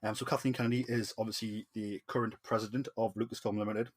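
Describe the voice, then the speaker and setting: An enthusiastic man with a Geordie accent hosts a casual podcast chat. His voice sits a little low, and he fills pauses with ums as he talks. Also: flat delivery. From Newcastle, northeast England. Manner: enthusiastic, chatty, many ums. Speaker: podcast host. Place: home podcast setup in Newcastle.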